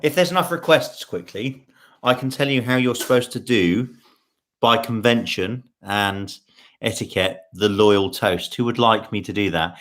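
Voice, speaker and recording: Chatty English man, low voice. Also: unhurried, fairly bright tone. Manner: chatty, playful, jokey. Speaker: livestream host. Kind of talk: casual live Q&A chat.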